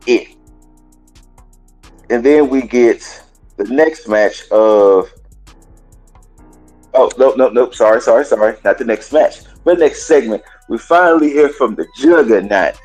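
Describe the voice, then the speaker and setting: A man hosting a gaming and wrestling podcast, casually recapping a show in a colloquial, chatty way and pausing now and then to cough. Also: mid-range voice, darkish tone, rough recording.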